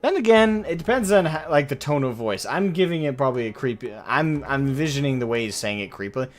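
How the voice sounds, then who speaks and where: A man comments casually on a game he is playing, chatty and self-mocking. His pitch swings in an animated way. Faint game music plays beneath him. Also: fast talker. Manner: chatty, joking, self-deprecating. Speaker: streamer. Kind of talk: gameplay commentary, reading game lines.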